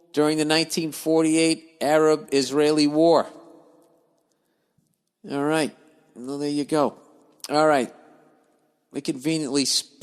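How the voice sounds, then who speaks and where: Male podcast host, higher-pitched, profane grumbling comic ranter, reverberant room sound. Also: clear, resonant tone. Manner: swears freely, grumbles and digresses. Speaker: podcast host reading listener letters. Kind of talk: profane comedic rant.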